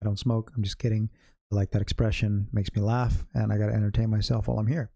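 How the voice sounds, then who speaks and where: A man's voice: lowish voice, level tone, fast talker, creaky, warm tone. A middle-aged man from California with an American accent, hosting a day-trading livestream in a loose, chatty way and joking around as he talks through his charts. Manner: chatty, jokey storyteller, laughs at own stories. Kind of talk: casual livestream chat.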